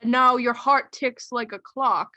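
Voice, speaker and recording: A woman's voice: on the high side, fairly even intonation, a little slow, pushed and bright, no room sound, pitched above the performer's own voice, poor audio. Woman doing a fretful old village doctor. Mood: troubled. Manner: worried, urgent questioning. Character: frantic, fussy older male village doctor.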